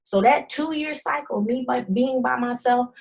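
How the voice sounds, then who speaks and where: A woman's voice: on the high side, measured pace, vocal fry, a little mellow, slightly rough, rough recording. A middle-aged woman giving a personal testimony talk, telling her story dramatically with emphatic repetition. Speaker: speaker.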